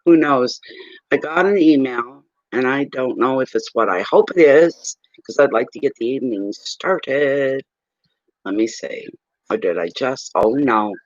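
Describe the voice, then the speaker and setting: A man's voice: mid-range voice, unhurried, no room sound. Blunt man reading tarot, dull lo-fi sound. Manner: blunt, salty storyteller. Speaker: tarot reader. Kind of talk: casual livestream chat and readings.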